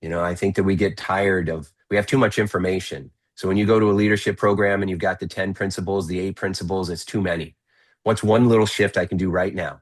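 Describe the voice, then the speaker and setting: A man with a deep, low-pitched voice talks as a guest on an interview podcast. He coaches the listener in an energetic, persuasive way. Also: quick pace. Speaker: guest, motivational speaker.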